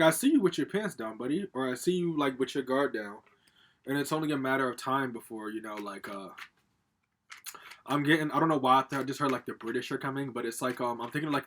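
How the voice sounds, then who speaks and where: His voice is mid-range and a bit bright, with a little hiss or hum in the recording. Sitting at home with a laptop, this man rambles through a casual pick-a-card tarot reading, addressing viewers directly, swearing, and filling the gaps with fillers and laughter.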